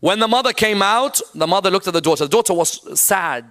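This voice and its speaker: A man's voice: sits high, expressive, quick pace, fairly bright tone. A man delivering a religious sermon, telling a tragic story and rising into a chant-like lament. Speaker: Islamic lecturer.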